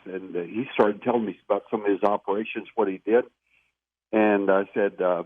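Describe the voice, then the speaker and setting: Speaking briskly in a lowish voice, the man shares his stories during a phone-in interview, earnest and emphatic in manner. The recording comes through a tinny phone line and sounds dry.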